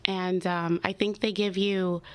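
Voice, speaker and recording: Flat-voiced young woman, radio guest. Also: lowish voice, a little slow, no room sound. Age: 20s. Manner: hesitant, many fillers. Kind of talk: radio interview.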